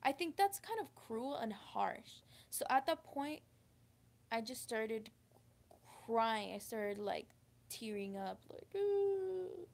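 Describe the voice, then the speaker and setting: A woman telling a personal story to camera, halting and emotional, with many restarts. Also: fairly high pitch, creaky. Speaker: vlogger. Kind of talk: confessional storytime.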